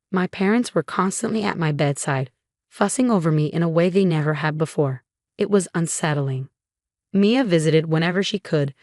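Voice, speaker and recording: Female storyteller, measured and dramatic; low register, dry close sound. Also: darkish tone, dry recording. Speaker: story narrator. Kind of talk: scripted dramatic narration.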